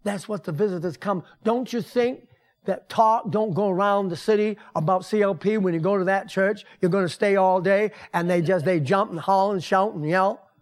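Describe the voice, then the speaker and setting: Older man, pastor, high-pitched, folksy conversational sermon in a church, building to strong emphasis. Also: moderate pace. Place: church sanctuary.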